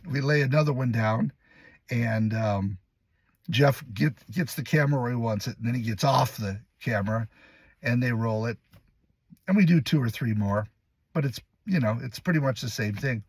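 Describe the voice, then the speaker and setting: A man who acts in commercials, casually telling a lively behind-the-scenes story and acting out what others said. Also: mid-range voice, moderate pace, breathy edge, no echo. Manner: lively, laughs while telling, acts out other people's lines. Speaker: commercial actor.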